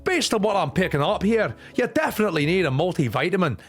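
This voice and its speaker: A man voicing a bossy, crude little male professor dog with a Scottish accent, barking orders in a shrill, yappy voice during a visual novel playthrough. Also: very animated, quick pace, soft background music. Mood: bossy yapping. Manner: barking, shouting, crude tough-love teacher.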